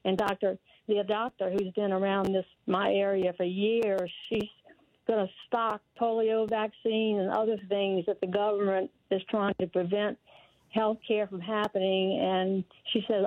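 A woman's voice: medium pitch, flat delivery, unhurried, no echo. An older woman calling in to a radio show, talking earnestly in long run-on thoughts. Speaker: caller. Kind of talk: call-in radio. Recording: dry tinny phone line.

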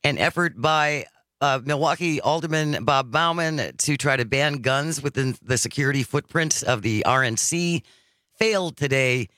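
A man's voice: mid-range voice, normal speed, pushed and bright, dry recording, clean studio sound. A man hosting a talk radio show, chatting casually with his co-host and wrapping up with station promos. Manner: upbeat, wraps up with station promos. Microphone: studio microphone.

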